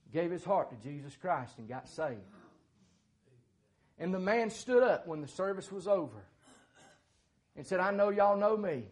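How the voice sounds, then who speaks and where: A man's voice: sits high, darkish tone. Folksy man preaching a story. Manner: folksy, plain-spoken, with many filler words. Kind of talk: sermon storytelling.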